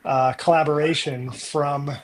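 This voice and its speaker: A man's voice: on the high side, steady tone, measured pace. Thoughtful man rambling aloud. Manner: rambling, thinking aloud with many fillers. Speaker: podcast co-host. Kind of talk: casual book discussion.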